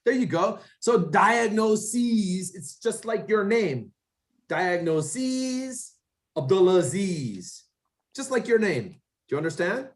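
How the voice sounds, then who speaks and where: A man with a fairly high voice teaches an English class and swings his pitch up and down as he talks. He drills pronunciation, corrects the students and repeats each word back to them. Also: moderate pace, few pauses. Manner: animated, lively intonation. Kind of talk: classroom drill over a video call.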